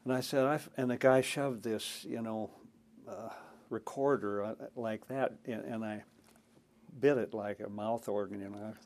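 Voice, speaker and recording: Older man with a gravelly folksy voice. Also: lowish voice, steady tone, unhurried, darkish tone. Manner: folksy, anecdotal, chuckling, acts out quotes. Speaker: interviewee, former senator. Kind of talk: oral history storytelling.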